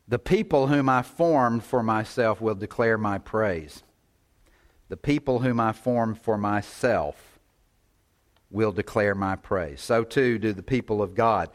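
A man preaches through a scripture passage at an unhurried pace, his voice sitting at an ordinary male pitch. He reads verses aloud, then explains them, pressing on single words for emphasis and voicing God's side of the text in the first person. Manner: measured, stresses key words, paraphrases God in first person. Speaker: pastor. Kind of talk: expository sermon.

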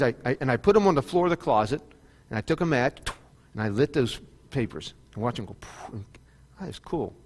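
A male pastor preaches in a sermon, his voice carrying a long hall reverb. He moves between fervent, climbing appeals and quieter, conversational storytelling, repeating phrases for emphasis. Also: on the high side. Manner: preaching with rising fervor and repetition.

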